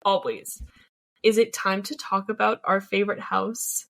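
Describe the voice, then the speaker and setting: A woman's voice: medium pitch, flat delivery, measured pace, creaky, fairly bright tone. A young woman in a mid-range voice chats eagerly on a podcast, sprinkling her speech with likes. She sounds friendly and conversational. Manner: eager, chatty, fond of "like". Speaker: podcast co-host. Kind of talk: casual chat.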